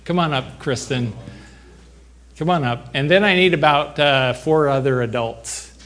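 A man preaching a sermon, talking to the congregation in an unhurried, conversational way and joking now and then. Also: on the high side, fairly bright tone. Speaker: pastor. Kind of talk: sermon with a live demonstration.

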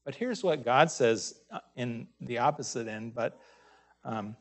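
A man preaching a sermon, pausing often and raising his voice to stress scripture readings. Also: medium pitch, lively intonation.

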